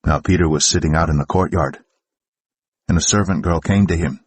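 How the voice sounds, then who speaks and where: A man narrating scripture aloud for a church in a steady, measured way. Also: deep voice, dry recording. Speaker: Bible reader. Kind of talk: scripture reading.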